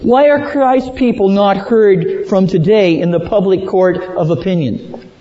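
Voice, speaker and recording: A man preaching a sermon slowly and dramatically, rising to emphatic peaks and dropping low at the ends of phrases. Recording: dull lo-fi sound with long hall reverb.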